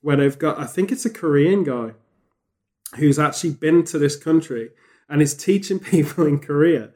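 A man chatting on a podcast, rambling and animated, with frequent restarts. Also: a little high, normal speed. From England. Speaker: podcast host. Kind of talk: casual podcast chat.

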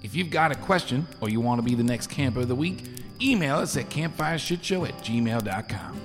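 A man's voice: mid-range voice, animated, a little fast, lightly acted. A man playing a friendly camp director. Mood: cheery. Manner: folksy bedtime sign-off. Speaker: show announcer. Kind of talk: scripted outro. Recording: long reverb over clear music.

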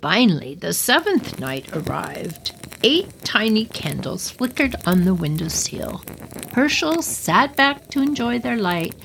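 A woman's voice: medium pitch, big pitch swings, a little slow, creaky, noisy background. A woman reading a story aloud on her podcast with playful, chatty asides.

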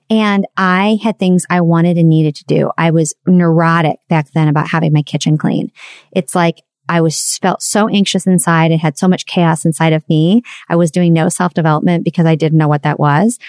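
A woman's voice: fairly low pitch, a little mellow, dry recording, studio quality. A woman in her forties sharing a candid, confessional personal story and reflecting on parenting.

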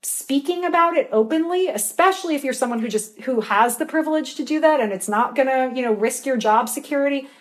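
Woman, author guest, earnest, impassioned, mid-range voice. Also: mid-range voice. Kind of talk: radio interview.

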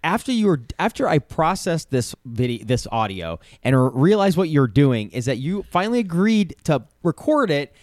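A man co-hosting a podcast, chatting in an animated, teasing way and wandering into asides. His voice is a bit higher than most men's. The sound is close and dry, with no room around it. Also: normal speed, few pauses, dry recording. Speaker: podcast co-host. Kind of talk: casual chat.

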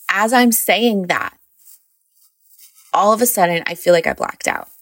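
A mother casually recounts a birth story, rambling and filling her speech with "like." Her mid-range voice is fairly bright and sing-song, and she speaks slowly. The studio sound is clean, with no echo.

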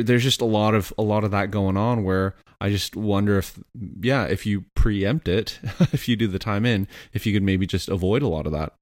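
A man's voice: fairly low pitch, no echo, studio quality. A man co-hosting a parenting podcast, reflecting on his family in a hesitant way with many restarts. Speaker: podcast co-host. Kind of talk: podcast interview.

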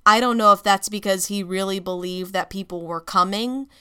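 A woman podcast host narrating a story in a measured, casual way. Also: medium pitch, steady tone, sharp tone, clear, resonant tone.

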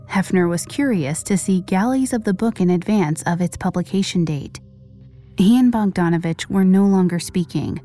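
A woman narrating a scripted true-crime story with measured pacing and dramatic pauses. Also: fairly low pitch, dark tone. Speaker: podcast narrator.

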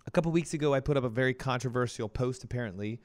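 Hoarse, chatty male radio health host. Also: mid-range voice, very fast. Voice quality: coughing, strained voice. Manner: energetic, chatty, breaks into playful quoted voices. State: hoarse from laryngitis. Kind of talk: casual health talk show.

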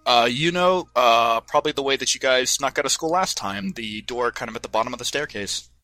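Rambling game master man, bright dry voice. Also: mid-range voice, a little fast, dry recording, faint music behind. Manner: rambling, self-correcting, filler-heavy. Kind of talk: narrating a tabletop game. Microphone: headphones and desk mic.

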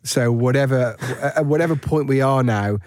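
A man's voice: medium pitch, moderate pace, a little mellow, dry recording, studio quality. A man co-hosting a podcast in casual chat, teasing his partner with playful banter. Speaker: podcast co-host.

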